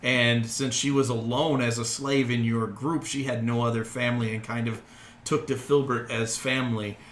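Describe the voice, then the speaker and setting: Bright-voiced game master in an echoey room. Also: male voice, mid-range voice, level tone, normal speed, slight background noise. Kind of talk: narrating a tabletop game.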